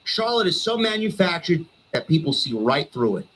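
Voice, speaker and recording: A man's voice: fairly high pitch, big pitch swings, moderate pace, fairly bright tone, slight background noise, poor audio. A male streamer delivering a heated, sarcastic wrestling rant full of swearing.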